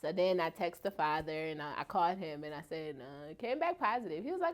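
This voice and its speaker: A woman guest in an interview, telling a personal story and acting out other people's words in a much higher voice. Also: quick pace, few pauses. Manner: animated, acts out quoted voices much higher.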